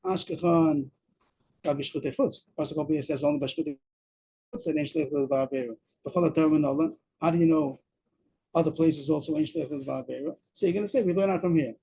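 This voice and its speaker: Man, husky, mellow tone, Talmud lesson over a video call. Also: a little high, brisk, poor audio. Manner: explains step by step, repeats words, mixes Aramaic terms. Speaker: Talmud teacher. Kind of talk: daf yomi Talmud lesson.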